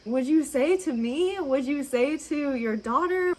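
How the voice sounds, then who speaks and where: A woman's voice: sits high, animated, unhurried, hardly any pauses, slight background noise, rough recording. A woman dietitian giving advice straight to camera in an encouraging, reassuring way, asking plenty of rhetorical questions. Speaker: registered dietitian. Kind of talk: direct-to-camera advice talk.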